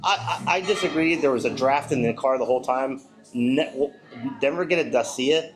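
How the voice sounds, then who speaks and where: A man's voice: mid-range voice, moderate pace, faint music behind, poor audio. A man in his forties, a travel vlogger, chatting casually with jokey, laughing asides. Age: 40s. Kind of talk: casual chat.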